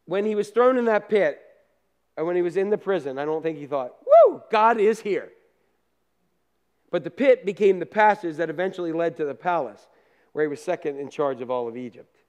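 A pastor preaching a sermon in a conversational storytelling way, with down-to-earth asides, moving between loud bursts and quiet remarks. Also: male voice, fairly high pitch, fast talker, smooth.

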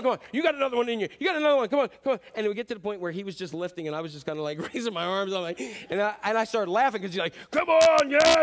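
A middle-aged male pastor with a high voice delivers an earnest sermon. He climbs into loud, emphatic bursts, then drops to soft, slow stretches.

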